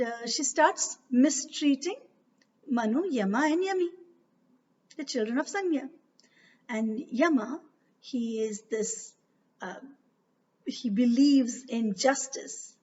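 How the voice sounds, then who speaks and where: Slow-telling woman storyteller. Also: on the high side. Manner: unhurried, with frequent hesitations. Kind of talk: storytelling narration. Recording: dull, distant recording.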